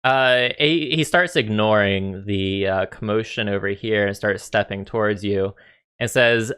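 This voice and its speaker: A man's voice: on the low side, unhurried, a bit bright, smooth. Man running a tabletop game. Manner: loose, filler-heavy narration with swearing. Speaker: dungeon master.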